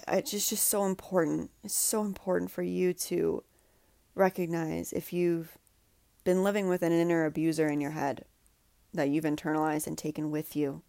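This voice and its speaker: Female podcast host, earnest and heartfelt, slightly low gravelly voice, dry close sound. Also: flat delivery, normal speed, dry recording. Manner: earnest, heartfelt, says "like" often; drops to soft, breathy guidance during a breathing exercise. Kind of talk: emotional solo podcast talk.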